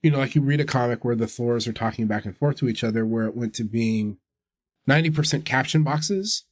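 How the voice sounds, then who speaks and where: A man co-hosting a comic book podcast in casual chat, thoughtful and measured. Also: mid-range voice, no echo, clean studio sound. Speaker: podcast co-host.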